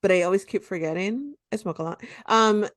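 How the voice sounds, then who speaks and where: A woman's voice: medium pitch, fairly quick, a bit bright, no echo, clean studio sound. A woman co-hosting a podcast in casual chat, blunt and emphatic, swearing freely. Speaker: podcast co-host.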